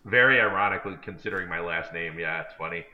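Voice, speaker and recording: A low-voiced man talks quickly as he co-hosts a podcast, spinning a long, self-deprecating story in a loose, rambling way. The casual chat comes through on a dull, lo-fi recording.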